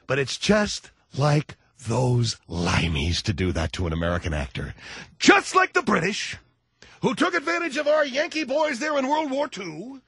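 A man playing a loud, bigoted male talk radio commentator who shouts and blusters at callers. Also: very high voice, lively intonation, moderate pace, dry recording, heavily acted. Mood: ranting. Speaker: radio show host. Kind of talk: comedic talk radio character.

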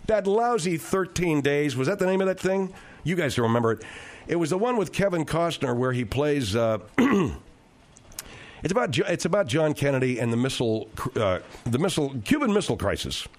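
Male radio host, rambling stories, lots of restarts, animated lively pitch, slightly high voice. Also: brisk. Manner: rambling, digressive storytelling with restarts. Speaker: radio talk show host. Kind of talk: radio talk show chat.

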